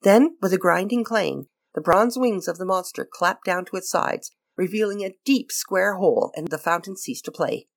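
A woman's voice: lowish voice, moderate pace, creaky, few pauses. A woman, reading a short story aloud as a radio host, then signing off. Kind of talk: storybook narration and radio sign-off.

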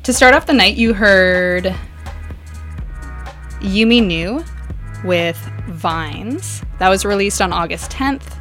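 A woman's voice: medium pitch, slow, long pauses, fairly bright tone, faint music behind. A bubbly, upbeat woman, hosting a casual radio show from a studio microphone. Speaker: radio host. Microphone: studio microphone with headphones.

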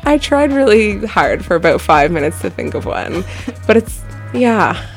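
A woman's voice: medium pitch, very animated, a little slow, soft background music. Nasal, laughing middle-aged woman. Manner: laughing, self-mocking. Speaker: radio guest. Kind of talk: casual radio chat. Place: radio studio.

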